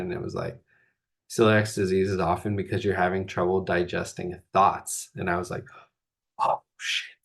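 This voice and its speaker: This spiritual coach and host has a low, creaky voice. He drifts through a casual spiritual talk, leaning heavily on "like" and other fillers as he rambles.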